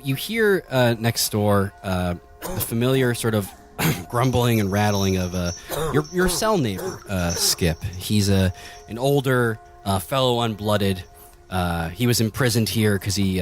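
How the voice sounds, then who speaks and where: A man running a tabletop game as game master, narrating loosely with frequent fillers. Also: fairly low pitch. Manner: loose, filler-heavy, laughing often.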